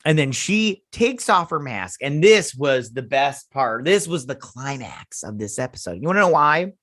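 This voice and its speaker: A man's voice: medium pitch, very animated, normal speed, fairly bright tone, no echo, studio quality. A man hosting a casual review of a TV episode, ranting sarcastically and swearing. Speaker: host.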